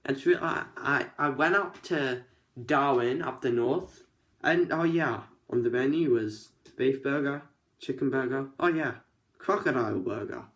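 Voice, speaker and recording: A man's voice: medium pitch, a little slow, a bit bright. Rambling young Australian guy. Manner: rambling, jokey, often restarting sentences. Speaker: vlogger. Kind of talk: casual to-camera chat.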